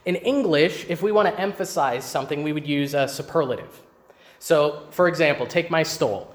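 High-voiced man preaching a sermon. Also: moderate pace. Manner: emphatic teaching with rhetorical questions. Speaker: pastor.

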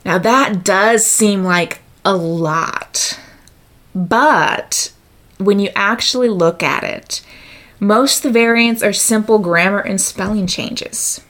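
A woman's voice: mid-range voice, slow, a bit bright. A woman giving a methodical explanatory talk, working through examples and figures step by step. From United States.

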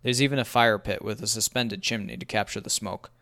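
Young male narrator for a first-person story; wry, even delivery, low pitch. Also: brisk.

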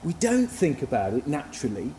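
A man's voice: medium pitch, huge pitch swings, a little fast, mellow, reverberant, slight background noise. A man giving a sermon in a reflective, musing, conversational way. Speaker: preacher.

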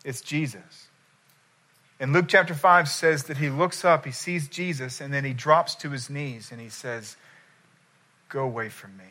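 Male preacher, bright forward voice, acts out scenes as he tells them. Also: fairly high pitch, unhurried. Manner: animated storytelling, acting out quoted voices. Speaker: pastor. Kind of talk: sermon.

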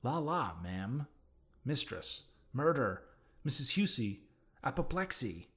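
A man's voice: mid-range voice, big pitch swings, slow pace, fairly bright tone. A man voicing a frightened chambermaid. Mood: alarmed. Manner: breathless, exclaiming.

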